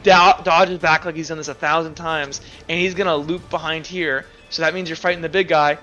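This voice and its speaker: Brief: a high, bright-voiced man running a tabletop game, slightly dull recording. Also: fairly even intonation, brisk, faint music behind. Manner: rambling, full of fillers. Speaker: game master.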